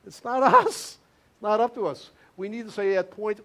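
A man's voice: high-pitched, very animated, moderate pace, gravelly, pushed and bright. A male pastor giving an interactive sermon, calling on members of the congregation and repeating key words for emphasis.

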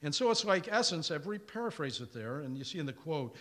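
A man's voice: a little fast, hardly any pauses. An older man preaching a sermon as pastor, telling stories and acting out the dialogue in them. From Indiana, USA. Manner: storytelling, acts out dialogue, lively pitch.

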